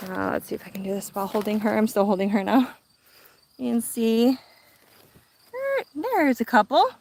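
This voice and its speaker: A woman's voice: mid-range voice, steady tone, fairly quick, vocal fry, mellow, slight background noise. A woman giving a casual live-stream tour of her garden outdoors, chatty and upbeat, a little out of breath in the heat. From Minnesota. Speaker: gardening vlogger.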